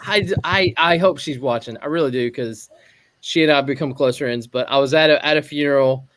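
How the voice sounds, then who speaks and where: Co-hosting a laid-back group podcast, this man tells stories and performs the quoted back-and-forth, laughing often. His medium-pitched voice is fairly quick and a bit bright, recorded dry.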